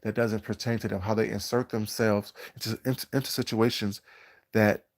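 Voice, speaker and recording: A man talks to his live-stream chat in a slightly low voice. He sounds groggy, like it is early morning for him. He lectures in a drawn-out, preachy way and stops to greet viewers in the chat. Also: little pitch movement. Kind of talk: casual live-stream commentary.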